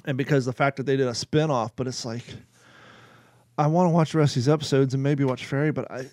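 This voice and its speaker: A man's voice: mid-range voice, fairly even intonation, fast, a little mellow, no echo, clean studio sound. A man hosting a podcast, chatting casually with rambling asides, fillers and jokes. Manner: rambling, joking, many fillers. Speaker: podcast host. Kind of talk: casual chat.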